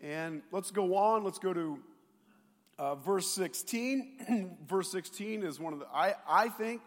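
A male pastor preaching a sermon, retelling scripture in an animated way and mimicking sarcastic and doubting voices. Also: high voice, takes it slowly. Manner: animated storytelling, mocking voices of doubters, sometimes shouting. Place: church sanctuary. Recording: long hall reverb.

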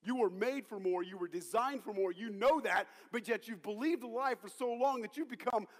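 A man preaching a sermon as pastor, rallying the congregation and calling on them to shout back. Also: high voice, moderate pace. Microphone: handheld or stage mic. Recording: long reverb of a large hall.

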